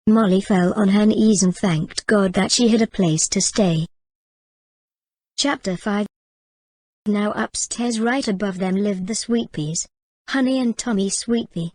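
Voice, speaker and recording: A woman reading a novel aloud as audiobook narrator, in a steady, clear reading manner. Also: medium pitch, normal speed, dry recording. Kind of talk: scripted storybook narration.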